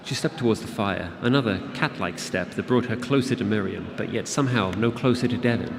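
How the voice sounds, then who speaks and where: A man reading his fantasy novel aloud to an audience at a convention, in a steady, measured narration. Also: lowish voice, gravelly, a crowd in the background. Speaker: author reading his book. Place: convention event room. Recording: long hall reverb with audience.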